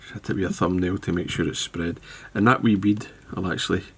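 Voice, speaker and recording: A man giving a casual step-by-step fly tying demonstration, relaxed and thinking aloud as he works with his hands. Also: low voice, a little fast, slightly rough.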